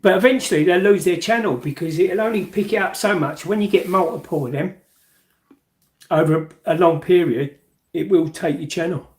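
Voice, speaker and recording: A man's voice: high-pitched, normal speed, darkish tone, roomy sound. A man chatting easily as a guest on a home livestream. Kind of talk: casual chat.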